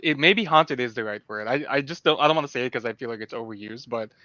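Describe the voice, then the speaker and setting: A podcast co-host talks earnestly and animatedly about a film in a casual discussion, often restarting his sentences. His medium-pitched voice is fast and sharp-toned, and the audio is dull with no echo.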